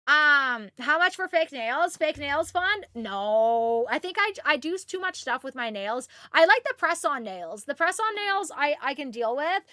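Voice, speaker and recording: High, bright-voiced chatty woman streamer. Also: expressive, unhurried, hardly any pauses, no echo, studio quality. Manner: chatty, greets viewers, baby talk to her pet. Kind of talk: casual live-stream chat.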